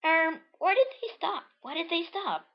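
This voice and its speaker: A woman voicing a whiny, cocky girl hero from a comic in a high put-on voice. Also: animated, normal speed, lo-fi sound.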